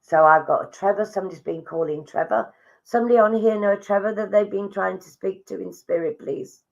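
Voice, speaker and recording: A woman's voice: mid-range voice, fairly quick, vocal fry, highs cut off. A woman giving live psychic readings to viewers online, chatty and affectionate, relaying messages she says come from spirits.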